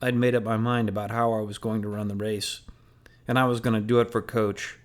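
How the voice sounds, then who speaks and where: A man reading a novel aloud in first person, measured and earnest. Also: fairly low pitch, flat delivery. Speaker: audiobook narrator.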